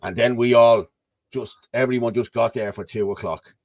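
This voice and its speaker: A man's voice: medium pitch, fairly even intonation, moderate pace, dry recording. An Irish man talks over a video call in a rambling, blunt way, always circling back with "you know what I mean". His voice sits in the middle range. The sound is dry and close, with no room around it. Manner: rambling, blunt, keeps asking 'you know what I mean'. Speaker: host. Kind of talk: casual political chat over a video call.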